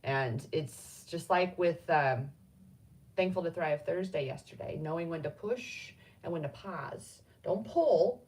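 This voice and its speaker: A middle-aged woman hosts a relaxed card reading, her voice lowish and talky. She rambles freely and breaks into lively bursts. She sits back from the mic, so she sounds a bit distant. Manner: rambling and spontaneous, with sudden animated bursts. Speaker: spiritual card reader and host. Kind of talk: casual live card-reading chat.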